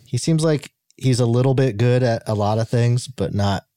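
A man's voice: mid-range voice, moderate pace, warm tone, no echo. A man co-hosting a comedy podcast, wry and easygoing as he counts down a chart. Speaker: podcast co-host. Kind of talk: casual podcast banter.

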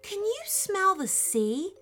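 A woman's voice: very high voice, very animated, takes it slowly, pushed and bright, faint music behind, voice pushed up, exaggerated voice. Woman doing a sensible young girl. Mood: earnest. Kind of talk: storybook character voice.

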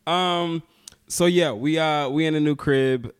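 A man's voice: a little high, unhurried, clear, resonant tone, dry recording, studio quality. A young man co-hosting a podcast in casual chat, joking around and laughing at his own jokes. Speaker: podcast co-host.

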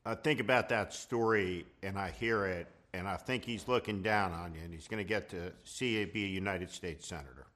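A male interview host with a low voice reacts to his guest softly and quietly, audibly moved by what he hears. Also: normal speed, hardly any pauses. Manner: soft-spoken, moved.

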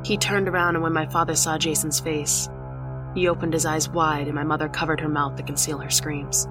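A woman's voice: low-pitched, little pitch movement, fairly quick. A woman narrating a horror story in the first person, with a tense, dramatic reading. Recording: music behind the voice.

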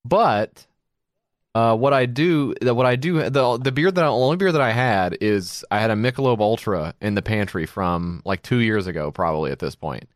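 A man's voice: on the low side, expressive, moderate pace, dry recording, clean studio sound. A middle-aged man co-hosting a podcast, rambling through stories and acting out quoted voices in casual chat. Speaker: podcast co-host.

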